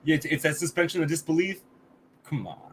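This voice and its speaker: A man's voice: fairly high pitch, quick pace, slight background noise. A man co-hosting a podcast, reviewing a movie in casual chat, blunt and swearing often, with many restarts. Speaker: podcast co-host.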